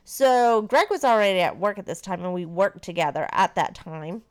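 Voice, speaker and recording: A woman in her thirties casually telling a personal story to her partner, animated and swearing freely. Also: lowish voice, normal speed.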